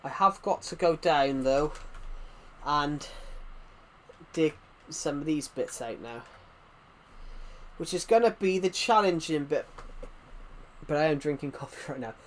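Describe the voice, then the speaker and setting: A man's voice: fairly high pitch, animated, measured pace, long pauses, a little hiss or hum. A man giving casual, rambling commentary while playing a video game, chatting and drifting onto side topics. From Britain. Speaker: gaming channel host.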